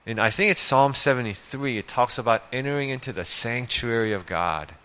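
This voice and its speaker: A man's voice: medium pitch, fairly quick, a bit bright. A male preacher giving a conversational sermon, reading scripture and asking rhetorical questions.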